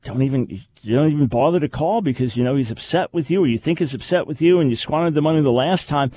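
A man's voice: a little high, quick pace, warm tone, dry recording. A man hosting a radio talk show, teaching in an emphatic way and repeating his key phrases.

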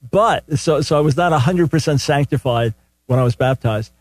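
A man's voice: a little high, normal speed, no echo. An older man hosting a call-in radio show, teaching from the Bible in an earnest, conversational way and often repeating words as he starts a sentence. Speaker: radio talk show host. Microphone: studio microphone.

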